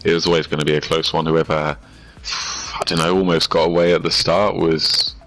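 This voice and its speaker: Very deep-voiced easygoing man. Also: little pitch movement, normal speed, a bit bright, soft background music, low-quality recording. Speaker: co-commentator and racer. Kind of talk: casual chat about a race.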